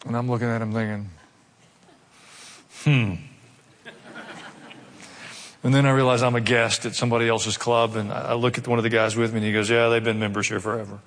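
A pastor preaching a sermon, emphatic and conversational, repeating key phrases. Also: male voice, mid-range voice, level tone, rapid-fire, hardly any pauses, slight background noise. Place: large church hall. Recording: long hall reverb.

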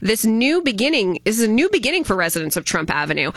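A woman's voice: fairly high pitch, very animated, quick pace, few pauses, fairly bright tone, dry recording. A woman hosting a chatty radio news segment, joking and laughing at her own jokes. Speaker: radio host. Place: radio studio.

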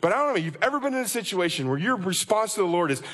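A man delivers a fervent sermon in a high voice that rises and falls dramatically. He keeps pressing his listeners with rhetorical questions. His words ring out with the long reverb of a large hall. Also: very animated, rapid-fire, fairly bright tone. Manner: impassioned, preaching in rhetorical questions. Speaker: pastor.

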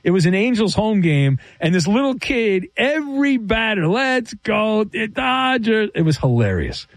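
A man's voice: high voice, sing-song, moderate pace, no room sound. A man hosting a sports talk radio show, opinionated and rambling as he argues with callers and tells stories.

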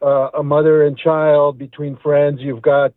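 A man's voice: a little high, level tone, a little slow, dry recording. A middle-aged man calling in to a radio show, earnest and reflective, restarting his words as he thinks. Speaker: caller. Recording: tinny phone line.

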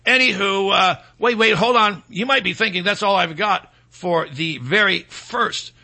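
Sarcastic high-voiced talk show man. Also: a little slow, pushed and bright. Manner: sarcastic, mocking, rambling with many fillers. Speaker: talk radio host. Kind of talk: opinionated call-in talk show monologue.

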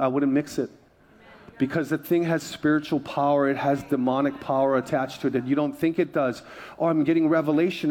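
A pastor with a fairly high voice preaches from a church stage. He tells his story in a loose, conversational way, full of asides and quick laughs. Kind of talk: sermon. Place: church sanctuary.

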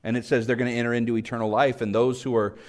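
A man preaching a sermon fervently, rising to emphatic peaks and dropping to hushed low passages. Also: flat delivery, racing. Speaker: pastor. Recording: long hall reverb.

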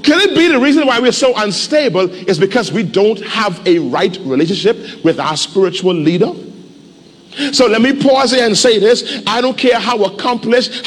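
A male pastor preaching a sermon, animated, with call-and-response and sudden shouts, in a church. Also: high voice, slight background noise. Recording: echoey hall, faint ambience.

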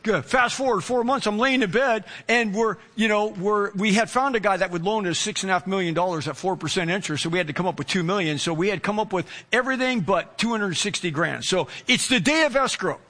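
A pastor with a very high, bright voice preaches in a lively, anecdotal way. He tells his story with energy and keeps slipping into the conversations he describes. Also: a little fast, few pauses. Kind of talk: storytelling sermon.

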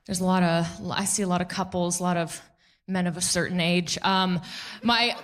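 A thirtysomething female comedian performs stand-up at a club, telling stories with lots of energy and readily mimicking the characters in them. Her voice is on the low side.

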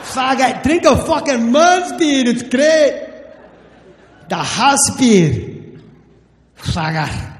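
A man voicing a drunk, belligerent bartender with a loud, slurred, abusive way of talking, in a stand-up bit. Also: extremely high pitch, lively intonation, drawn-out words, long pauses, reverberant, in a large hall, voice pushed up, exaggerated voice. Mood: scornful.

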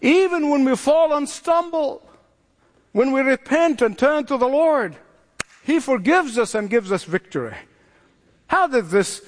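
A man preaching a sermon, emphatic, acting out voices in quotes. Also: very high-pitched. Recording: long hall reverb.

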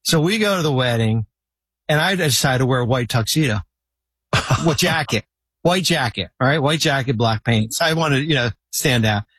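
Casting: husky man, dry close sound, rambling anecdotes. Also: medium pitch, animated, normal speed, fairly bright tone, no room sound. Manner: rambling, many restarts and fillers. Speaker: guest. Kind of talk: casual storytelling.

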